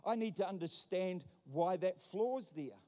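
The sermon comes from a male pastor with a high, expressive, warm voice and a measured pace. His preaching is emphatic and repetitive, uses wordplay to build points, and rings with the long reverb of a church hall.

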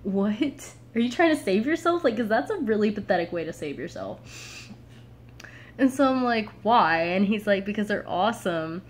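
A woman in her late teens, vlogging casually and telling a story in a chatty, animated way, full of "like" and laughter. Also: medium pitch, moderate pace, a little hiss or hum.

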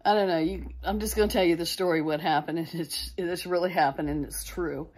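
A woman's voice: on the low side, steady tone, a little fast, a little mellow, slightly rough. A middle-aged woman casually telling a personal ghost story to her viewers, rambling and interrupting herself as she goes. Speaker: vlogger.

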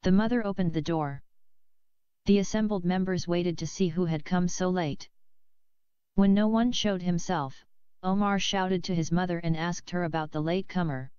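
Woman reading a novel, very clear. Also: fairly low pitch, no echo. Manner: measured, steady reading. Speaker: audiobook reader. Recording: slightly dull lo-fi recording.

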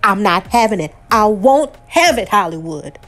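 A woman voicing a fiery, protective middle-aged woman, loud and shrill. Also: animated, unhurried, faint music behind. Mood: furious. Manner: loud and shrill, high pitched.

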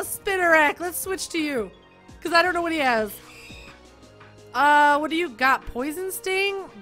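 A young woman giving excited let's-play commentary, giggling often and jumping from loud squeals to quiet mumbles. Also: very high-pitched, measured pace, soft background music. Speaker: gaming YouTuber.

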